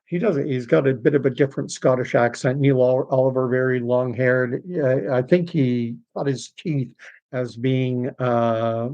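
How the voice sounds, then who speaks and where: A man's voice: medium pitch, fairly even intonation, unhurried, a little mellow. A Canadian man hosting an unscripted livestream, talking things through in a conversational way with fillers and restarts. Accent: Canadian English. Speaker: podcast host.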